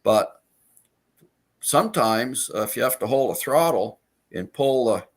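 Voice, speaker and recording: A man telling stories in a casual chat as a guest, halting and restarting as he goes. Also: mid-range voice, expressive. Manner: rambling storyteller, halting with restarts.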